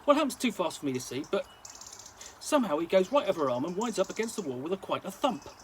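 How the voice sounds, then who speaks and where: Guy reading a slangy story aloud, high voice, trips over words sometimes. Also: fast talker, slight background noise, low-quality recording. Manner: lively storytelling, now and then stumbling over words. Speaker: reader. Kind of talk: story reading in a present-tense gangster-slang voice.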